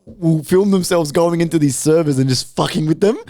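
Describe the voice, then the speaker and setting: A young podcast co-host with a brisk, mellow, somewhat high voice tells rambling, profane stories in a casual chat. He swears as he goes and acts out other people's lines using different voices.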